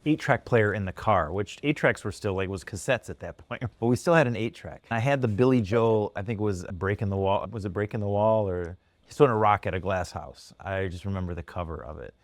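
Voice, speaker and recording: A man co-hosting a podcast who tells animated stories and laughs often. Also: on the low side, a little fast, few pauses, no echo. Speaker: podcast co-host. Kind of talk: casual storytelling chat.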